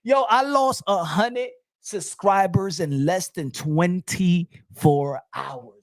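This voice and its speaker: A man hosting a boxing livestream, rowdy and laughing, often shouting as he reacts to chat. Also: high voice, slow, no room sound, clean studio sound. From Dominican Republic family roots. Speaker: boxing channel host. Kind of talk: excited live commentary.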